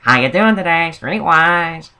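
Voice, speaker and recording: A middle-aged woman newspaper seller, put on by a man calls out in a loud, high sing-song. She repeats the same hawking phrase in a distinctive rhythm, with a bright, sharp edge to the voice. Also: expressive, a little slow, smooth, full character voice. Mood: calling out.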